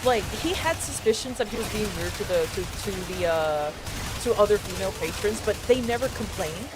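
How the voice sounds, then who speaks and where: A woman streamer casually telling a story, animated and profane, with quick asides. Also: mid-range voice.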